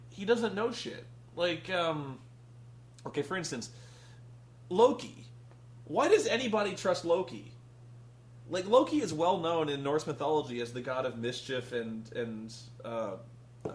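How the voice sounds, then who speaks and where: A man reviewing a film in casual chat, rambling and profane, often acting out characters' lines. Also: fairly high pitch. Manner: rambling, profane, acts out quotes.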